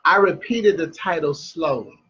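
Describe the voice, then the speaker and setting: A man's voice: on the high side, animated, measured pace, pushed and bright, dull audio, slight background noise. A man hosting a broadcast, reading a story aloud with chatty asides and stumbling restarts. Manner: chatty, loses his place and restarts.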